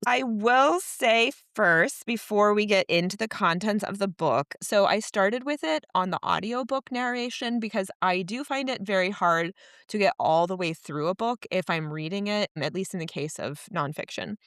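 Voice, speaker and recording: A woman's voice: medium pitch, smooth, dry recording. Chatty woman podcast co-host, dry sound. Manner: chatty, animated, quick asides. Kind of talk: casual book club chat.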